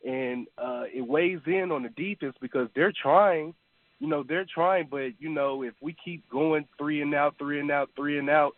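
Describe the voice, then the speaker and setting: A man's voice: fairly high pitch, moderate pace, dry recording. A man calling in to a sports radio show, rambling and hesitant, with lots of "you know" fillers. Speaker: caller. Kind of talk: call-in radio chat. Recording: tinny phone line.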